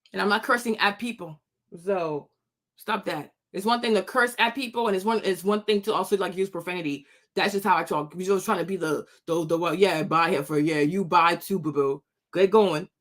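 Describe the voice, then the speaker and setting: A woman's voice: on the low side, a bit bright. A woman hosting her own commentary channel, scolding and mocking critics in a sassy, unscripted rant full of laughter.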